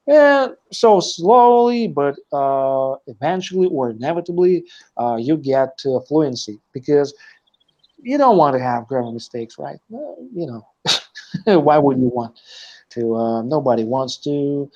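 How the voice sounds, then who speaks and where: A man's voice: mid-range voice, lively intonation, unhurried, mellow, dull audio. A male teacher giving a live online lesson, explaining step by step with many hesitant fillers. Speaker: language teacher.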